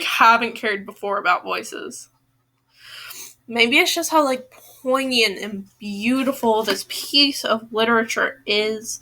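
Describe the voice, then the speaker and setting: A woman reading a novel aloud pauses for chatty asides, filling her talk with "like". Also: fairly high pitch, sharp tone. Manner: chatty, lots of "like". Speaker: audiobook reader.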